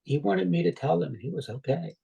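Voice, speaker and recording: Gravelly, husky middle-aged man telling a story. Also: fairly high pitch, expressive, a little fast, warm tone, poor audio. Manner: retells dialogue at length, quoting others. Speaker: guest. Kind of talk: conversational storytelling.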